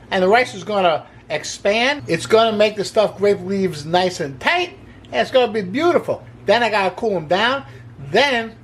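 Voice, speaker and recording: A man's voice: sits high, a bit bright, a little hiss or hum. A man hosting a casual cooking demonstration in a kitchen, chatty and enthusiastic, with joking asides. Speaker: cooking show host.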